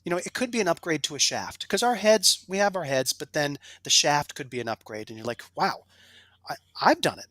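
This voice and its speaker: A man's voice: a little high, expressive, fairly quick, bright, forceful tone, no room sound. A man as a guest on a casual podcast interview, talking with enthusiasm and strong emphasis. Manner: enthusiastic, emphatic, salesy asides. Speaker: guest, golf industry executive.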